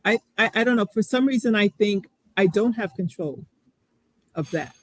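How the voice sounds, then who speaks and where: Her medium-pitched voice has lively intonation and moves at normal speed over a rough recording. This middle-aged interview guest speaks candidly, earnest and reflective, often restarting as she shares her story.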